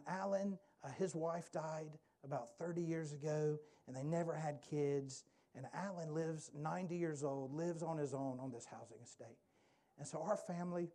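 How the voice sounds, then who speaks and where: A preacher speaks in a slightly high, mellow voice. He tells his story casually, with restarts and warmth of delivery, drawing the listener in. His tone is unhurried and earnest. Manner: conversational, animated storytelling that drops to a hushed prayer. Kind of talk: sermon storytelling.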